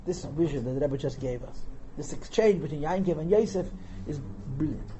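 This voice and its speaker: A man's voice: a little high, animated, a little fast, warm tone, dull audio, a little hiss or hum. A man teaching a text class as a rabbi, translating line by line and asking rhetorical questions. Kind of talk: lecture on Torah text, reading and translating.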